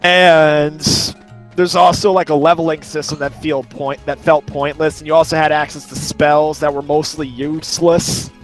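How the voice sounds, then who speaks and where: A man's voice: a little high, level tone, normal speed, soft background music. A man hosting a let's play, chatting casually and rambling through long lists of details. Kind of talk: casual chat over gameplay.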